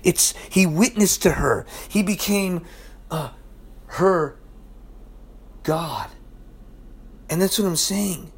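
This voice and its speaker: A man's voice: high voice, slow, long pauses, breathy edge. A pastor preaching a sermon to his church, talking emphatically and casually with slang asides.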